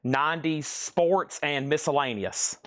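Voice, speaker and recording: A man's voice: on the high side, measured pace, a bit bright, no room sound, clean studio sound. A man hosting a livestream sale, chatty and rambling, a little out of breath, calling out items and bids as he thinks aloud. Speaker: live sale host. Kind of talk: livestream auction patter.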